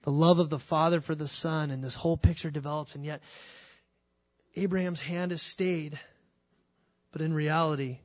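Animated preacher man, fairly high voice. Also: dry recording. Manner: animated, acts out the scripture scenes with quick voice shifts. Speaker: pastor. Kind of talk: sermon.

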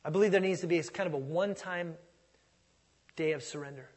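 Husky-voiced pastor in an echoing hall. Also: male voice, on the high side, fast. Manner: conversational preaching, swings from soft asides to loud emphasis. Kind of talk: sermon.

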